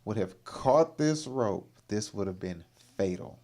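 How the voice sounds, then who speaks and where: A man's voice: fairly low pitch, lively intonation, a little slow, dark tone. A man hosting a livestream, giving casual, exclamatory reaction commentary and laughing often. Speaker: livestream host.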